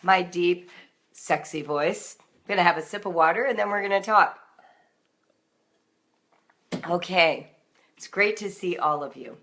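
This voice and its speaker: A woman reading her homeschooling encouragement aloud, then chatting casually with her live audience, gentle and reflective, in her morning voice. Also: lowish voice, normal speed. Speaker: homeschool writer reading her daily book on a live stream.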